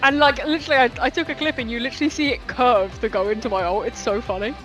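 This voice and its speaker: A woman chatting casually about a video game, animated and laughing, often quoting lines in put-on voices. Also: a little high, fast talker, faint music behind. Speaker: streamer's co-host. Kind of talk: casual gaming chat.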